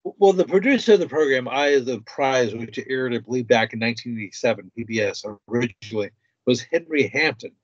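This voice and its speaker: Guest, male, mid-pitched, halting and tentative, dry and dull lo-fi sound. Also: expressive, no echo. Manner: hesitant, many uh and restarts. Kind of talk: talk show conversation.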